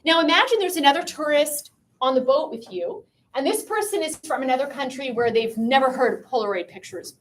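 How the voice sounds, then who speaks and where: A woman from Canada giving a lecture to a student audience, chatty and lively, often asking the listeners questions. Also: high voice. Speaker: pro-life speaker. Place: room with a piano and a live audience.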